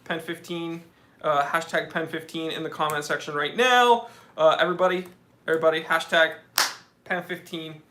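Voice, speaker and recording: Guy hosting a chill live stream q&a, bright punchy voice, reading chat and joking around, echoey room. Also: on the high side, a little fast. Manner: chatty, joking, reads viewer comments aloud.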